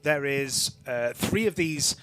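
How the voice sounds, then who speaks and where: A man running a tabletop game as game master, narrating in a relaxed, rambling way with lots of fillers. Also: mid-range voice, slow, clear, resonant tone.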